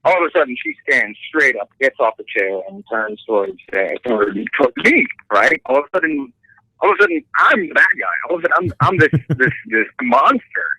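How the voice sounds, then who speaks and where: A middle-aged man tells a story in a lively, swooping voice with a bright, forceful edge. He talks casually and swears freely, slipping into the voices of the people he describes. The sound is close and dry, with no room around it. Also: medium pitch, fairly quick, dry recording, low-quality recording. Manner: animated, profane, acts out voices in stories. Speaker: tattoo artist.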